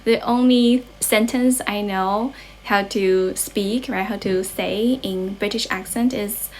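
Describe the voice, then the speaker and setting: A woman's voice: medium pitch, steady tone, takes it slowly, a little mellow. A young Chinese woman, an English tutor, chatting casually on a livestream and reading out viewers' comments. She mixes English with Mandarin and often stops to correct herself.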